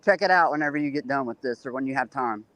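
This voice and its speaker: A man's voice: medium pitch, fast talker, a bit bright, no echo. Teasing man with a Southern accent on a dry mic. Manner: teasing, prodding questions. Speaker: guest on a live stream. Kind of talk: casual teasing chat.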